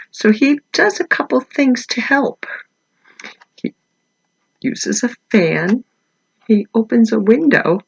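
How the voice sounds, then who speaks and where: A woman author reading her picture book aloud to children, gently asking them questions as she goes. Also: medium pitch, gravelly, slightly rough, low-quality recording. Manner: animated storyteller.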